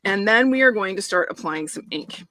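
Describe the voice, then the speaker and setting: A woman's voice: mid-range voice, animated, normal speed, fairly bright tone, a little hiss or hum. Chatty woman demoing a craft. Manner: chatty, enthusiastic, talks while working. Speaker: papercraft demonstrator. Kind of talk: live crafting demonstration.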